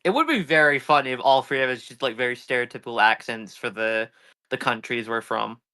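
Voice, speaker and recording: Bright-toned joking man. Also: medium pitch, a little fast, clean tone. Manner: joking, teasing banter. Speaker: player. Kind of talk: casual chat during a tabletop game.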